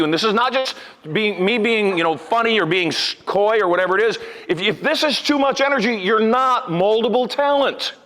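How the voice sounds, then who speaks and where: An older man works a live seminar crowd in a large event room as a hypnotist and motivational speaker. He delivers with animated punch, swinging from loud emphasis to low asides.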